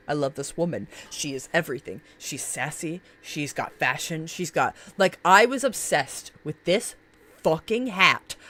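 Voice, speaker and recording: A woman's voice: lowish voice, fairly bright tone. A woman streaming live in a casual chat, gushing about favorite characters, laughing often and swearing freely.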